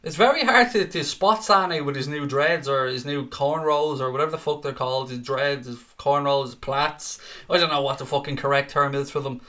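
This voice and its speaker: A young man hosting a live fan watchalong, calling play and answering viewer comments in an excitable, sweary, bantering way. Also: medium pitch, fairly quick, hardly any pauses.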